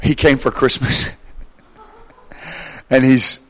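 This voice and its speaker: A middle-aged man preaching a sermon, animated, shouting at times, acting out voices and laughing. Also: mid-range voice, slow pace.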